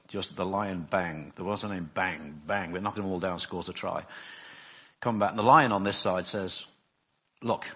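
Husky, rambling male preacher. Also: fairly low pitch, fairly bright tone. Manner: rambling, self-deprecating, frequent restarts. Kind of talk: sermon.

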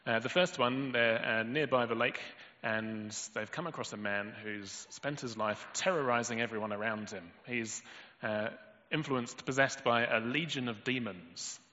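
A man's voice: mid-range voice, normal speed, bright, forceful tone. A man preaching a sermon in a storytelling way, acting out quoted lines with sudden lifts in his voice. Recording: dull lo-fi audio in a long-reverb hall.

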